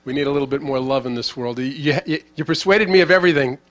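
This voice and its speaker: A man moderating a talk, asking probing questions in quick succession. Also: mid-range voice, fairly bright tone. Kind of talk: interview questions.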